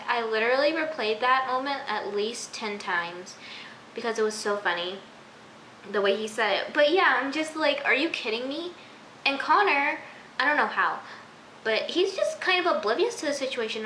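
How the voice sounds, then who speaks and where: A teenage girl rambles through a casual video review, exasperated and leaning on "like" over and over. Her voice is fairly high and bright. The sound echoes off the walls of her room. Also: lively intonation, normal speed, a little hiss or hum. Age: teens. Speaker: TV episode reviewer. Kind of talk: casual recap vlog.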